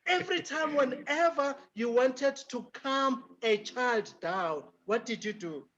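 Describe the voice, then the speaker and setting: A man's voice: extremely high pitch, lively intonation, unhurried, fairly bright tone, muffled recording. A South African man giving an emphatic lecture answer, mixing in Zulu phrases as he speaks. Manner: emphatic, mixes in Zulu phrases, laughs often. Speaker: guest speaker.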